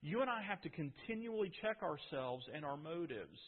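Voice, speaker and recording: A male pastor preaching a sermon, telling the story emphatically with frequent restarts in a husky voice. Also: on the high side, animated, normal speed. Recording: tinny phone-like sound.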